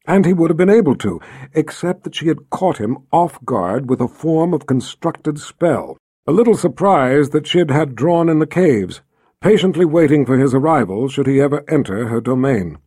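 A male narrator reads a fantasy novel aloud, with a husky, dark timbre. His delivery is lively and full of pitch movement. It is recorded close and dry. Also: dry recording. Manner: expressive storytelling, voicing every character. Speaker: audiobook narrator. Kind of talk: scripted narration.

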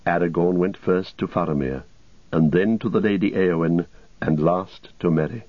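A man reading an epic story aloud in a steady, measured voice. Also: low voice, no room sound. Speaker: audiobook narrator. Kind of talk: scripted narration. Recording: dull lo-fi recording.

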